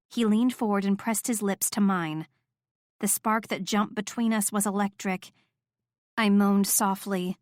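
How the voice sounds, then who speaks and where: Narrating a first-person romance audiobook, a woman speaks in a soft, intimate way. Her mid-pitched voice is recorded up close and totally dry.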